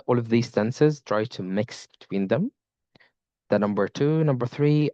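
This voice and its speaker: A man's voice: mid-range voice, a little mellow, no room sound. Code-switching Egyptian teacher explaining exam tips. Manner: switches between English and Egyptian Arabic mid-sentence. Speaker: IELTS speaking teacher. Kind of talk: casual video lesson. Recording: slightly dull lo-fi sound.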